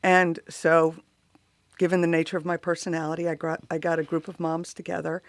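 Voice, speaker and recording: A woman's voice: low-pitched, flat delivery, brisk, no room sound. A woman who is a mother and runs workshops for moms, a guest on a talk show telling her story with animation. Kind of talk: casual interview chat.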